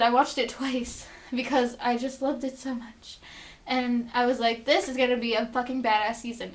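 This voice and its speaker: Excitable young woman recapping a TV episode. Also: on the high side. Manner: chatty, excitable, swears, acts out quotes. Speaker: vlogger.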